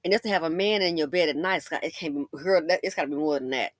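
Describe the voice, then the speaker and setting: A woman hosting a casual commentary monologue, animated and sassy, acting out imagined conversations in shifting voices. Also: sits low, fast, dry recording. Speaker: commentary channel host.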